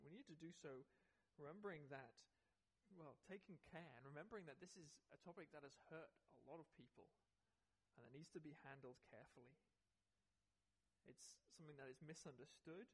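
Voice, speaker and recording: A man preaching a sermon as pastor, thoughtful and hesitant, with frequent ums and restarts. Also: on the high side.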